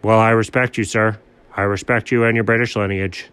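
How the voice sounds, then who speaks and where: A man doing a low, pompous cartoon dog. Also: level tone, a bit bright, clear, resonant tone, dry recording, lightly acted. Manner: low, slow, grandly self-important. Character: dreamy, pompous male dog posing as a sea admiral. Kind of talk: comedic two-character sketch.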